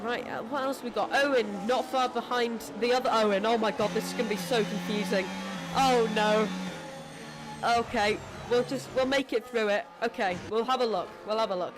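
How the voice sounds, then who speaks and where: Calling a live esports race, a commentator is chatty and self-deprecating, quick to apologise, and clearly losing their voice. The voice is mid-range with a steady tone, and music plays in the background.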